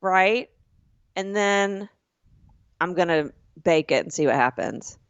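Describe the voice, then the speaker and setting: Alabama woman in her 40s, podcast cohost, animated storyteller, dry slightly muffled sound. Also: fairly low pitch, slow pace, clear, resonant tone, no echo. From Birmingham, Alabama. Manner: animated storytelling, acting out family voices. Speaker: podcast co-host. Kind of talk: casual sister chat.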